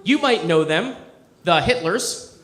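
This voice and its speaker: A man doing a stand-up comedy set on a club stage, with a conversational, self-deprecating delivery and deadpan asides. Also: sits high, takes it slowly, background noise. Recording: echoey club room.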